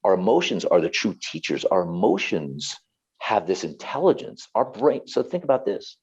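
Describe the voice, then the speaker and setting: A man's voice: low voice, very animated, moderate pace, a little mellow, slightly rough, muffled recording. A man, a therapist and author, talking earnestly and passionately as an interview guest, often repeating himself.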